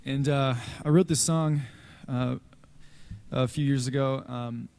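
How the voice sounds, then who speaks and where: A man's voice: medium pitch, gravelly, clear, resonant tone, long reverb tail. A man telling a light, joking story at a memorial before he sings a song he wrote. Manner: relaxed, joking, brisk. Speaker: memorial speaker and singer.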